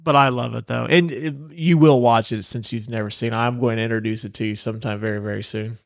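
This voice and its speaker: A man's voice: medium pitch, fairly even intonation, fast, gravelly, dry recording, clean studio sound. A man hosting a casual podcast chat, teasing his guest with profane banter. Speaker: podcast host.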